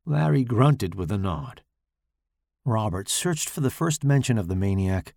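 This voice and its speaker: Gravelly, expressive male horror narrator. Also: lowish voice, a little slow, dry recording, clean studio sound. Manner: expressive, dramatic storytelling. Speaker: audiobook narrator.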